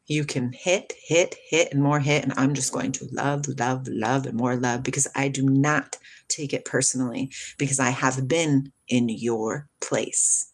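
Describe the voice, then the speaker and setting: In an unhurried voice, a middle-aged woman runs a casual spiritual livestream, reading out viewer comments and responding with plenty of laughter. Her animated speech moves between hushed and high. There's a little hiss or hum on the recording.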